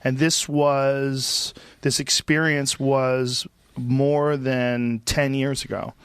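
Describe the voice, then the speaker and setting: Podcast host guy, excitable, swears a lot, fast bursts, dead dry sound. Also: mid-range voice, clean tone, dry recording. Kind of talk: casual interview chat.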